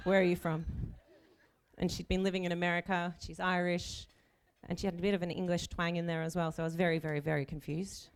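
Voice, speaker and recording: A woman's voice: fairly low pitch, little pitch movement, fast. An Australian woman in her thirties giving a chief bridesmaid's wedding speech, nervous but joking and self-mocking.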